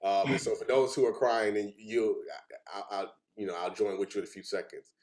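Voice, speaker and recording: A man's voice: lowish voice, a little fast, a little mellow. A young adult man giving a heartfelt personal presentation, earnest and fighting back tears at times. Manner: earnest, chokes up with emotion.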